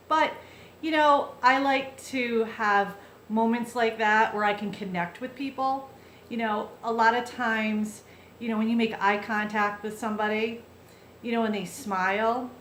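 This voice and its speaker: A woman's voice: mid-range voice, fairly bright tone, roomy sound, slight background noise. A woman vlogger telling a heartfelt personal story in a chatty, casual way, full of fillers and restarts.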